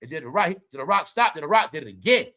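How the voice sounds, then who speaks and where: A man giving animated, slangy casual commentary, often turning to his viewers. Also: fairly high pitch, fast talker. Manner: animated, slangy, keeps addressing the audience. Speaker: commentary vlogger.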